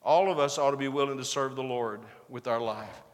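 A man's voice: medium pitch, brisk, big-room sound. A man preaching a sermon as pastor, building to emphatic bursts and acting out the back-and-forth quotes of the passage.

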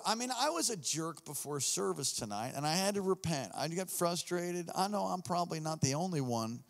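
A high-pitched male pastor preaches to his congregation with animated swings from hushed asides to shouts. His voice rings with a long reverb from the church hall. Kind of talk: sermon.

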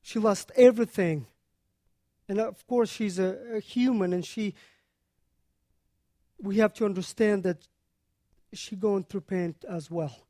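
A preacher teaching on a scripture passage in an earnest, unhurried way, pausing often to explain. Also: mid-range voice, dark tone, no room sound, studio quality.

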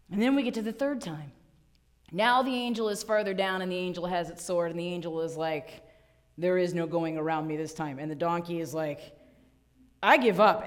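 A woman pastor preaching a sermon, telling a story playfully and acting out little voices in the quotes. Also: mid-range voice.

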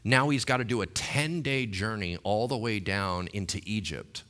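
A man preaching a sermon in a casual, conversational way, asking the congregation questions and acting out voices from the text. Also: normal speed. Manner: rises to loud, high-pitched exhortation.

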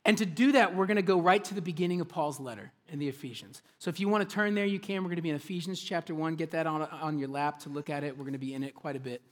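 A man preaching a sermon as a pastor, swinging between hushed, intimate asides and loud, excited preaching. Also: a little high, fast, hardly any pauses.

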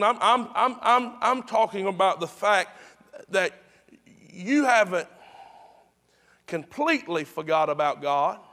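A man's voice: high-pitched, a bit bright. A pastor preaching to his congregation in a chatty, repetitive way, with emphatic restarts. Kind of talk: sermon.

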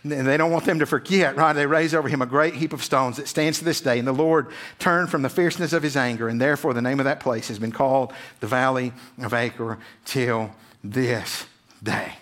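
A man's voice: a little high, steady tone, quick pace, few pauses, a bit bright. A male pastor preaching a sermon, reading scripture aloud and often repeating words as he builds intensity.

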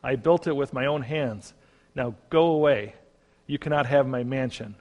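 A man voicing a stubborn, defensive brother who shouts at a stranger to go away. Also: mid-range voice, moderate pace, lo-fi sound, natural voice. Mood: hostile. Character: stubborn brother guarding his hut, hostile. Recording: long reverb.

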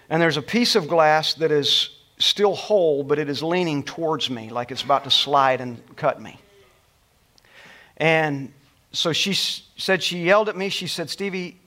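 Middle-aged man telling a heartfelt sermon story. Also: on the high side. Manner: emotional, storytelling, dropping to soft tones at tender moments.

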